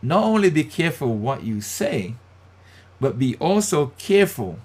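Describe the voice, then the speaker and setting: A man's voice: mid-range voice, big pitch swings, a little slow, a little mellow. A male pastor giving motivational Bible teaching, emphatic and repeating his key phrases.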